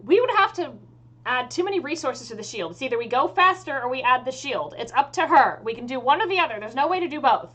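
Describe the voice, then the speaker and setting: A woman's voice: high voice, animated, quick pace, fairly bright tone, voice pushed up. A woman voicing an exasperated, bossy male elf mage engineer who talks in curt, impatient lines.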